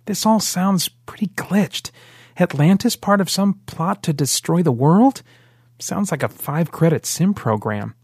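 A man's voice: sits high, expressive, a little slow, darkish tone, slightly rough, no echo, clean studio sound, voice pushed up, heavily acted. A man voicing a doubtful, wry adult woman in an audiobook. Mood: skeptical. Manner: skeptical, wry. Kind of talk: audiobook character voice.

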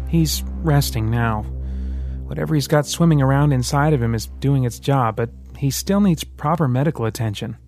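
A man's voice: medium pitch, normal speed, a little mellow, soft background music, natural voice. A man voicing a doubtful, wry adult woman in an audiobook. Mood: skeptical. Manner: skeptical, wry. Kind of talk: audiobook character voice.

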